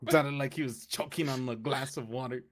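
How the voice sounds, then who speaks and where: A man's voice: mid-range voice, fairly even intonation, fairly quick. Man, jokey role-play player, easy laughter, casual delivery. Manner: joking, laughs often.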